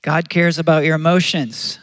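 Guy preaching a sermon, kinda high voice, talks earnest and loose, restarts a lot. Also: little pitch movement, moderate pace, fairly bright tone, no room sound. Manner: earnest, conversational, repeats and restarts phrases. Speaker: pastor.

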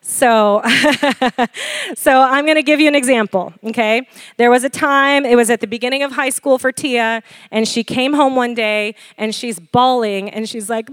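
A woman in her forties preaching a sermon, animated and laughing often as she questions the congregation. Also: fairly high pitch, unhurried, no echo, studio quality. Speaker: pastor.

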